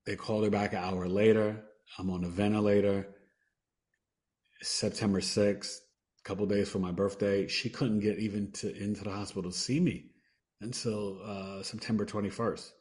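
This podcast guest has a fairly low, slightly mellow voice with a flat delivery at normal speed. He tells a personal story earnestly, voicing the quoted dialogue himself and sometimes trailing off before restarting.

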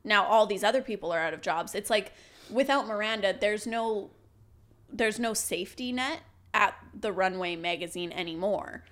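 A woman's voice: medium pitch, normal speed, fairly bright tone. Emphatic, chatty woman co-host. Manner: chatty, emphatic, argues her point. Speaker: podcast co-host. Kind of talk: casual chat.

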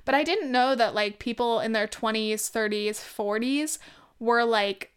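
A woman's voice: fairly high pitch, unhurried, clear, resonant tone. Chatty young woman who swears a lot. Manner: rambling, lots of "like", swears freely, laughs often. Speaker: vlogger. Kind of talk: casual chat.

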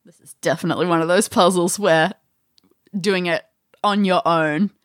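A woman's voice: on the low side, steady tone, moderate pace, no room sound, studio quality. A woman acting as game master, describing scenes in an escape-room game with light amusement.

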